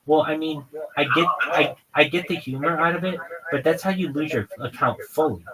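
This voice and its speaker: A man's voice: on the high side, moderate pace, low-quality recording. A man live streaming, talking casually in a profane, rambling, exasperated rant. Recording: crowd chatter in background.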